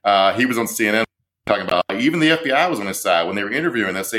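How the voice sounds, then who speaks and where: A man with a fairly low voice chats through the news in a loose, sardonic way, often chuckling at his own jokes. He sounds like a podcast co-host riffing with a friend. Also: expressive, racing, bright, forceful tone. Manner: wry, sardonic, laughs at his own points. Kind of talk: casual political commentary.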